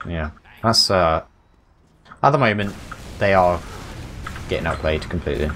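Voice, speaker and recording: A low-voiced man breaks down the plays as esports co-caster, thinking aloud in a loose, casual way. A faint hum sits under his headset mic. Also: normal speed, a bit bright. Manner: casual analytical, frequent "like" and restarts. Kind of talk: color commentary.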